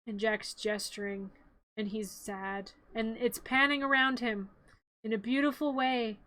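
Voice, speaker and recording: A woman's voice: fairly high pitch, unhurried, dry recording. A woman streamer giving a rambling, joking play-by-play of a film in a casual live stream. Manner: animated, rambling play-by-play with jokes.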